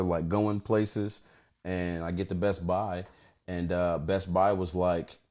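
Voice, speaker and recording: Man, lower pitch, casual livestream storyteller, halting and full of fillers. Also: a little mellow. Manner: rambling, many fillers and restarts. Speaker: organization founder. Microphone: phone camera.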